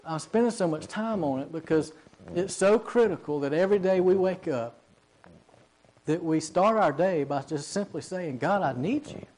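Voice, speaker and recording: A man's voice: high-pitched, moderate pace, darkish tone, low-quality recording. A man preaching in a casual, storytelling way, with frequent fillers and repeated words. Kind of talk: conversational sermon storytelling.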